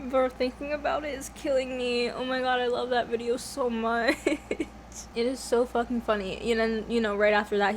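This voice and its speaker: A woman's voice: on the high side, a little hiss or hum. A young woman vlogging at home, chatting casually while she eats, rambling off topic, swearing often and laughing a lot. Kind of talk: casual mukbang chat.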